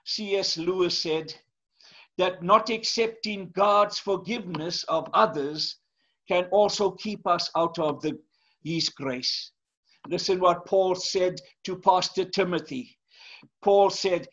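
A male pastor preaches in a high, slow, deliberate voice. He tells stories and keeps turning to his listeners with rhetorical questions. The recording sounds dull and lo-fi. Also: fairly bright tone. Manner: rhetorical questions, storytelling delivery. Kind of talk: sermon.

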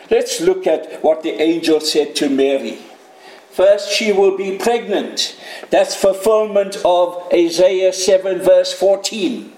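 A man with a high voice delivers an emphatic sermon, calling his listeners friends. He speaks slowly, letting each phrase settle in a roomy, echoing space. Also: fairly even intonation, a little mellow. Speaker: preacher.

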